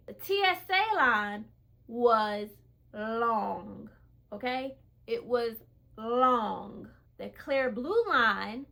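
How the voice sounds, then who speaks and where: A woman telling a personal story in a casual, animated vlog, chatty and laughing often. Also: sits high. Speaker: faith vlogger.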